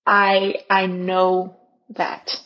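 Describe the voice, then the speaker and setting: Woman in her 30s, podcast guest, candid animated storyteller, slightly dull lo-fi sound. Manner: animated, acts out her own inner dialogue with quick pitch jumps.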